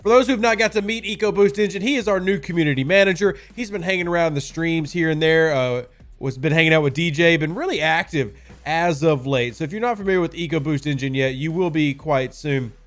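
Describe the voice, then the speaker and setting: A man's voice: fairly high pitch, fairly quick, fairly bright tone, faint music behind. A man hosting a casual game live stream, chatting with viewers and answering their questions in a sarcastic, talkative way. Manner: sarcastic, chatty, talks to chat.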